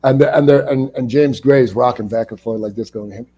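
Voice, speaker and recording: A middle-aged actor guesting on an interview, telling stories casually and animatedly, acting out the people in them and stumbling over restarts when he gets excited. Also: mid-range voice, moderate pace, breathy edge. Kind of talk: casual anecdotal storytelling.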